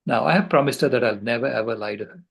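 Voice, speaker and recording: An older man on a video call, giving a passionate, earnest storytelling talk with halting restarts. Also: mid-range voice, gravelly, breathy edge, rough recording. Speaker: conference speaker.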